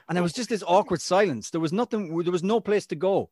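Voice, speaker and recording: A man's voice: sits high, fast talker, few pauses, dry recording, clean studio sound. A man, co-hosting a sports podcast and telling chatty anecdotes. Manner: chatty storyteller, lively anecdotes. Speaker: podcast co-host. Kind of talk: casual chat.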